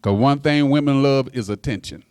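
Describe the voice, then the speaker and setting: A man in his sixties preaching a sermon as pastor, folksy and direct with the congregation, his voice climbing high on emphasis and stumbling over repeated words. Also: a little fast, darkish tone, clear, resonant tone, no room sound, clean studio sound. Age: 60s. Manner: folksy, talks straight to the congregation.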